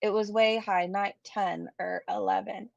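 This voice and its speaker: Chatty woman streamer with gravelly fry. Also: mid-range voice, fairly even intonation, measured pace, darkish tone, no echo, lo-fi sound. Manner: chatty, reads viewer comments aloud, frequent swearing and laughs. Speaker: commentary streamer. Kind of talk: casual live-stream commentary.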